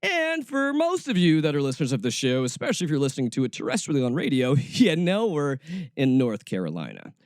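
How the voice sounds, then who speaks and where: A man's voice: mid-range voice, huge pitch swings, brisk, no room sound, clean studio sound. A middle-aged man from Atlanta hosting a radio show, talking casually and sarcastically, laughing often and going off on rants. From Atlanta, US South. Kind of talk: casual solo radio monologue.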